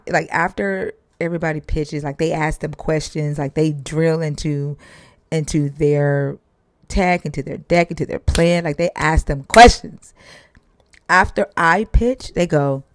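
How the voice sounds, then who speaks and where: A woman hosting a livestream, chatting casually and telling stories in an animated way, swearing freely. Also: low voice, no room sound. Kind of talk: casual chat.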